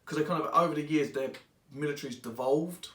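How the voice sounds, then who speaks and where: Casual male reviewer, rambly and animated, recorded in an echoey room. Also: fairly high pitch, a little fast, distant mic. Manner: rambling and excitable, acts out characters in quotes. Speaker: book reviewer. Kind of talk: casual spoken book review. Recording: echoey room, voice away from mic.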